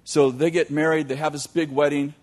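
A man telling a long story in a sermon, animated, with joking asides to his audience. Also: fairly high pitch, fairly quick. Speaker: youth teacher.

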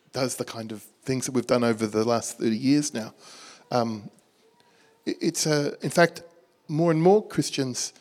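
A middle-aged Australian man preaching, telling a lively story and acting out the dialogue with a laugh in his voice. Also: mid-range voice. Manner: animated storyteller, acts out dialogue, laughs at himself. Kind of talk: storytelling sermon.

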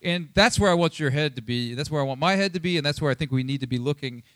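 A pastor giving a casual, conversational sermon, chatty and animated, acting out Bible scenes in quick asides. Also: male voice, a little high, dry recording, clean studio sound. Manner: chatty, animated, acts out Bible quotes, many fillers.

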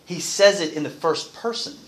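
A man's voice: sits high, moderate pace, poor audio. A man teaching a Bible study class, asking his group questions and reading verses aloud.

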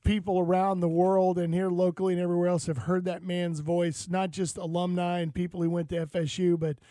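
A man's voice: sits high, a little fast, no room sound. A man hosting a casual sports and outdoors radio show, telling stories and acting out what people said. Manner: lively storyteller, acts out quotes.

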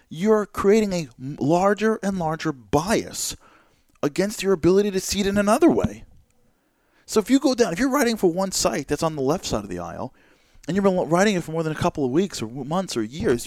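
A man hosting a talk show, giving an animated monologue full of rhetorical questions and repeated words. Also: on the high side, dry recording, clean studio sound. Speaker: host.

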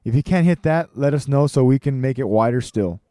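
A man doing a gruff old baseball coach. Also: medium pitch, brisk, dark tone, no room sound, studio quality, pitched above the performer's own voice, natural voice. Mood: gruff lecturing. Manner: barking, bellowing questions at a crowd. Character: irascible 78-year-old male baseball coach.

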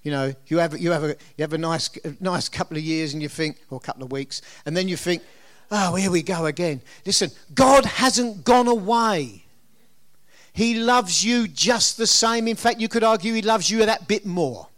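A man's voice: sits high, moderate pace, a bit bright. A middle-aged man preaching a sermon in a conversational way, often asking his listeners questions. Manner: conversational, asks the congregation questions.

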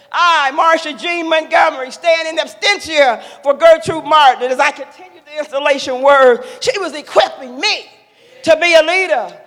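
An older woman giving an impassioned, preacherly speech to young adults, rising to loud emphatic calls. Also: high-pitched. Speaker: speaker sharing a mother's wisdom. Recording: long echo of a large hall.

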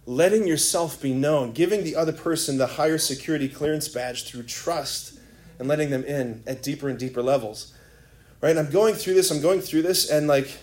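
Chatty priest, higher-voiced man. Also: a little mellow. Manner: conversational storytelling, filler-heavy. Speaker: Catholic priest. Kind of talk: sermon.

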